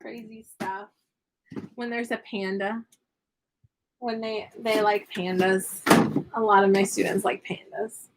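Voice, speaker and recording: A young woman, an online English teacher, chatting casually from her home classroom in an animated way. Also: medium pitch, slow pace, pauses often, heavy background noise. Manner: animated, switches into playful sing-song teaching voices. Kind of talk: casual chat.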